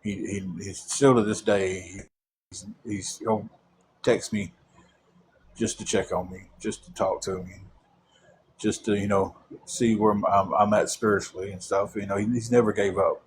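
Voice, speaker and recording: A young man, his voice sitting a little low, works through a long personal story. He rambles and stalls on fillers and repeated words. A faint hiss sits under the recording. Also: fairly even intonation, measured pace.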